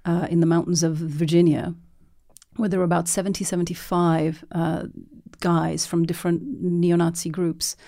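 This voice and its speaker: A woman in an interview tells her story as a documentary filmmaker. Her voice is low and warm. She talks in lively bursts with frequent restarts and acts out the people she quotes. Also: normal speed.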